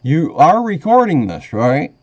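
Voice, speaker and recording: A man with a fairly high voice and huge pitch swings speaks at a measured pace on a phone call to a sheriff's office, recorded on his end with dull, lo-fi sound. Pressing a complaint, he rambles and is agitated, wavering between indignation and choking up.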